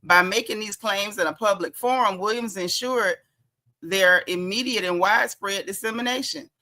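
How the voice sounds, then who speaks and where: Sassy chatty woman host, bright voice. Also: mid-range voice, normal speed. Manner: chatty, sassy, laughs often; reads blog text aloud with asides. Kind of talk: casual gossip commentary.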